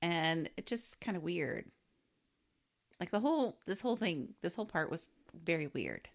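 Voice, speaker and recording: A woman's voice: on the low side, expressive. A woman co-hosting a podcast, reacting to the story and joking in a casual chat. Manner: chatty, quick reactions and jokes. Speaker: podcast co-host.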